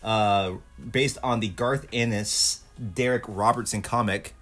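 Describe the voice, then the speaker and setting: A man's voice: lowish voice, fairly even intonation, measured pace, a bit bright, soft background music. A man co-hosting a podcast, chatting casually with profane, laid-back banter. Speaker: podcast co-host. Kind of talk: casual chat.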